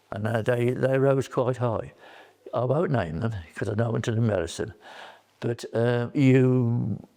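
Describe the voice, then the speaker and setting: A man's voice: mid-range voice, gravelly, darkish tone. An older man, a former college staff member reminiscing in an interview and telling chatty anecdotes.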